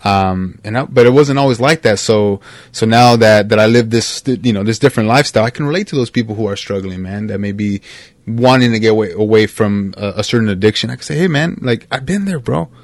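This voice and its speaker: A man's voice: fairly low pitch, fast, dry recording. A man talking as a podcast guest in a casual, upbeat chat, often calling the host "bro" and "man". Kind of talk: casual conversational interview.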